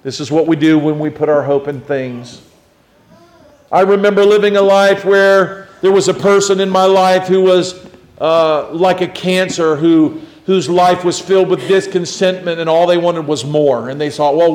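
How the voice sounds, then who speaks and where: A middle-aged pastor preaching a sermon, his voice sitting a little high for a man. He pushes some lines out loud and drops others to a low hush. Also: fairly even intonation, moderate pace. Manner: preaching with swings between loud emphasis and quiet low lines.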